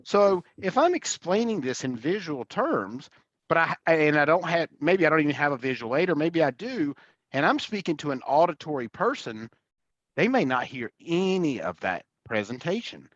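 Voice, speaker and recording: A man's voice: a little high, very animated, normal speed, a bit bright, dry recording. Enthusiastic male host, muffled lo-fi audio. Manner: enthusiastic, many fillers and restarts. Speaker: host and sales coach. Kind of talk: casual interview conversation.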